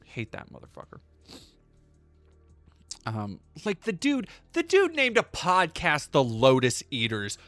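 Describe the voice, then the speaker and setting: Male streamer, bright voice, profane rambling chat, faint music under it. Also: on the high side, wildly swooping pitch, slow pace, long pauses, no echo. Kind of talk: casual livestream chat.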